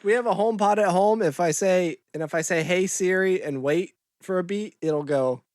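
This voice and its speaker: A man's voice: high voice, moderate pace, darkish tone, no echo, studio quality. A man co-hosting a podcast in casual chat, enthusiastic and teasing, laughing easily. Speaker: podcast co-host.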